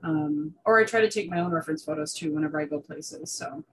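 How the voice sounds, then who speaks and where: Young female guest, lower voice, chatty, excitable, many "um"s and restarts. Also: fast talker, low-quality recording. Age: young adult. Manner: chatty, full of fillers and restarts; enthusiastic about reptiles. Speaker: guest artist. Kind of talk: casual interview chat.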